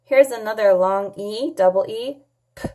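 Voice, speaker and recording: A woman teaching a children's phonics lesson, sounding out letters and words clearly and patiently, asking questions and answering them herself. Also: mid-range voice, unhurried, warm tone, a little hiss or hum. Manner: patient, asks and answers her own questions. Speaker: English teacher.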